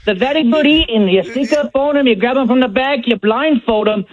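A man's voice: sits high, racing, natural voice. A male caller putting on a cheerful, chatty Australian bloke voice that keeps slipping, heard over a phone line. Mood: cheery. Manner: put-on Australian accent that slips. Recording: tinny dry phone line.

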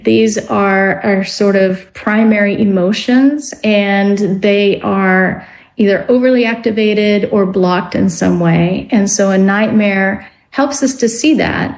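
A woman guest on a radio talk show, explaining ideas in a reflective, measured way and stretching out some words. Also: mid-range voice, darkish tone, poor audio. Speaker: guest author on dreams. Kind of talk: radio interview.

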